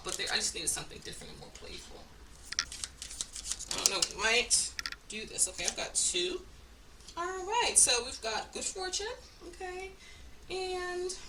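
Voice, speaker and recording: Animated, profane woman reading oracle cards. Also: sits high, recorded from a distance, background noise. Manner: blunt and profane, with frequent laughs. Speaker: spiritual card reader. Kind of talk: casual oracle card reading.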